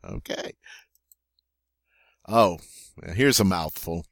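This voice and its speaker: A man runs a vocabulary lesson in a low voice that leaps up and down as he jokes. He takes his time and repeats each word slowly. The recording is dry and close. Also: very animated, dry recording. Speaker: French teacher.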